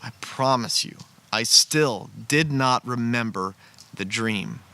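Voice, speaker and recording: A man's voice: mid-range voice, slow pace, sharp tone, clear, resonant tone. A man telling a personal story in an earnest, conversational way, sitting outdoors beside a campfire. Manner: earnest, conversational, with frequent restarts. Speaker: storyteller sharing a personal testimony. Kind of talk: casual spoken storytelling.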